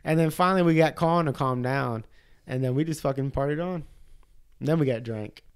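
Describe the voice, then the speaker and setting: Young male podcast co-host, lively storyteller, slightly high voice, dry close sound. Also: brisk, clean tone, no room sound. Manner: animated storyteller, acts out quotes in high voices, swears a lot. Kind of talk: casual storytelling chat.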